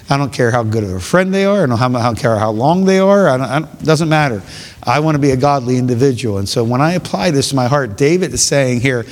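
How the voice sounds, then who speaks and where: A man's voice: medium pitch, big-room sound. A man preaching a sermon in an earnest way, often restarting and repeating his phrases.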